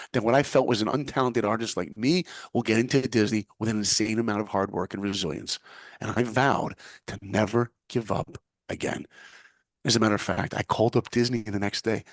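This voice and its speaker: A man's voice: medium pitch, no echo, clean studio sound. A middle-aged man from the United States, a guest telling a personal story vividly and acting out both sides of the conversations. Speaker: guest, former animator and speaker. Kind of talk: animated storytelling.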